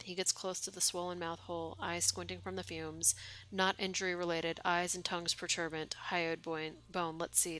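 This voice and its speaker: A woman streamer at home reads a game's lines aloud in a deadpan voice and breaks off for wry, swearing asides. Her voice is bright and forceful, pitched a little low. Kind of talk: reading game text aloud with casual commentary.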